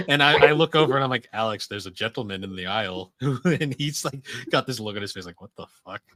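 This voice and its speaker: Man, podcast co-host, bright tone, dry close sound, casual rambling chat. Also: mid-range voice, animated, fast talker, few pauses, no room sound. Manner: rambling storyteller, laughs often.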